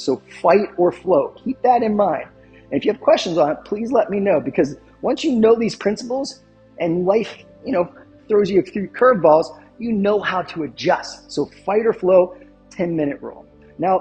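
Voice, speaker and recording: High-voiced emphatic male fitness coach. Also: darkish tone. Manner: emphatic, repeats catchphrases and asks the viewer rhetorical questions. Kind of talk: instructional fitness talk to camera.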